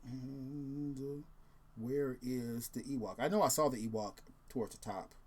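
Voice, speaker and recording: A man hosting a casual video who talks in a relaxed, rambling way. He fills his speech with ums and restarts. His voice sits at an ordinary middle pitch. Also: a little slow. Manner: rambling, filler-heavy, laid-back. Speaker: host.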